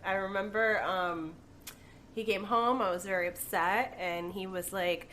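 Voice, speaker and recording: A woman's voice: medium pitch, unhurried, a little hiss or hum. A woman guest from Florida telling a story in casual chat, acting out quoted dialogue. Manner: animated, acts out quoted dialogue. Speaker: podcast guest.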